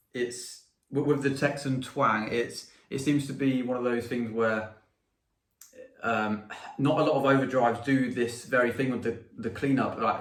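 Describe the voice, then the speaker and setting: A man who builds guitar pedals, chatting as an interview guest, laughing easily and rambling through restarts. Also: medium pitch. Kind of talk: casual interview chat. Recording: roomy echo.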